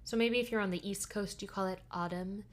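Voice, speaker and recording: A woman with a Midwestern American accent co-hosts a casual podcast. She sounds easygoing and agreeable and often answers with short replies. Her voice has an ordinary middle pitch. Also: fairly even intonation, a little fast. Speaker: podcast co-host.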